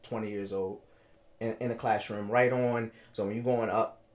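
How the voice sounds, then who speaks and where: A podcast guest, a thirtysomething man from Baltimore, tells a personal story in fits and starts, repeating himself and playing out what people said. He speaks at a fairly low pitch with fairly even intonation.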